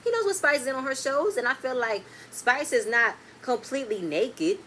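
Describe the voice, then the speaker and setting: A woman recapping a reality TV episode in a casual, blunt, animated way, with speech. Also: sits high, moderate pace, a little hiss or hum. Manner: animated, blunt and swearing, swings between loud and quiet.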